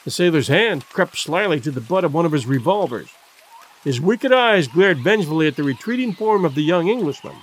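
Expressive male audiobook narrator. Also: fairly high pitch, a little hiss or hum. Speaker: audiobook reader. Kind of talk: scripted narration.

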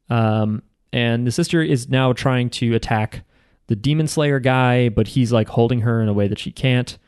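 A man's voice: medium pitch, moderate pace, darkish tone, clear, resonant tone, dry recording, clean studio sound. A young man co-hosting a casual chat, recapping an anime episode in a rambling, sarcastic way with lots of fillers.

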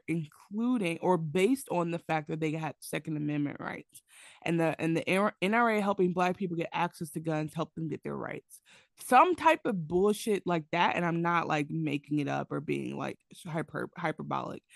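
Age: adult. Sex: woman. Role: podcast co-host. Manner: animated, opinionated, swears freely. Pitch: fairly low. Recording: dry, close, no room sound. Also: gravelly, no echo. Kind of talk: casual chat.

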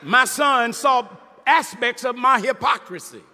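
A man's voice: very high-pitched, a little slow, sharp tone, big-room sound. A man, a Muslim minister, preaching to a live audience in an emphatic way and calling out to the crowd.

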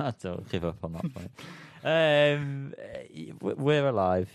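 A man's voice: medium pitch, animated, slow, clean tone, no room sound, clean studio sound. A man hosting a music podcast, teasing his co-hosts in casual chat. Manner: joking, teasing, wraps up the show. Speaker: podcast host.

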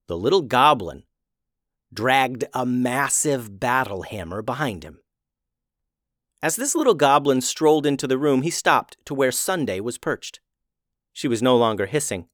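Male storyteller reading a fantasy tale, expressive and lively in pitch, with a dry, close sound. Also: unhurried, dry recording.

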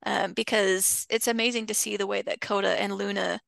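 A woman from a dog daycare chatting casually, often slipping into loud playful impressions of calling dogs. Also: medium pitch, little pitch movement, brisk, gravelly, no room sound. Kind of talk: casual interview talk.

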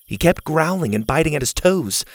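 A man narrating a children's adventure story in an expressive, animated way. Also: on the high side, moderate pace, very noisy.

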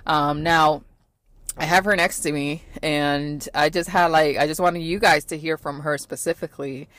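A woman's voice: low-pitched, steady tone, normal speed, fairly bright tone, no room sound. A woman in her thirties hosting a podcast, talking about parenting in a casual, reflective way, earnest, with many fillers and repeats. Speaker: podcast host.

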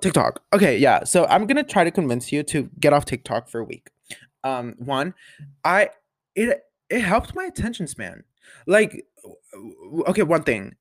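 A man's voice: a little high, no room sound. Chatty young man with a dry voice. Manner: rambling, full of "like" and "um" fillers, chatty. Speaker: podcast host. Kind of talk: casual solo podcast chat.

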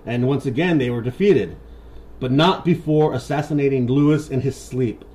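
A man's voice: medium pitch, normal speed, warm tone. A man hosting a podcast, loosely retelling a historical story in a casual, profane way. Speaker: podcast host.

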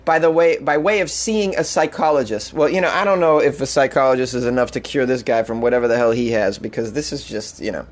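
A man's voice: medium pitch, fast talker, hardly any pauses. Sarcastic man riffing on odd news. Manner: sarcastic, mocking, laughs often. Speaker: podcast host. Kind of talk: comedic news commentary.

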